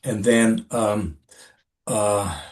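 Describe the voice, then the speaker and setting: An older man, an actor, telling a story in a casual interview with a halting, rambling manner and many restarts. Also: fairly low pitch. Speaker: actor, podcast guest.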